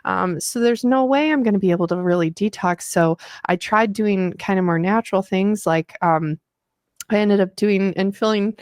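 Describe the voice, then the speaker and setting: A woman's voice: mid-range voice, normal speed, darkish tone, dry recording, clean studio sound. A woman co-hosting, telling her story casually and directly to viewers, with many filler words. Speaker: co-host sharing her health journey. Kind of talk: casual personal talk.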